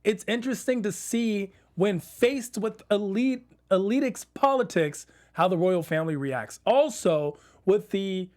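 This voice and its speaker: A man's voice: high voice, lively intonation, unhurried, few pauses, a little mellow. A man co-hosting an online TV after-show, joking with wordplay and then giving earnest commentary. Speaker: co-host. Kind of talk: casual TV recap chat.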